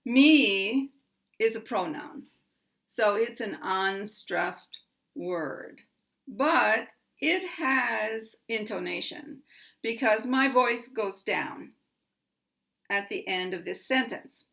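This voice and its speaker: An American woman teaching pronunciation at an unhurried pace. She lays out each rule in a deliberate, measured way and speaks her example sentences out clearly. Her voice sits at an ordinary middle pitch. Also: animated, a bit bright. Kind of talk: slow, careful teaching explanation.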